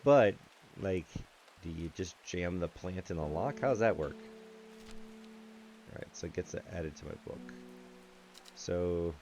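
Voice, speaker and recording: A man's voice: deep voice, a little slow, pauses often, a little mellow, lo-fi sound. A man reviewing a puzzle game, thinking aloud in let's-play commentary with musing asides and restarts, with game music playing behind.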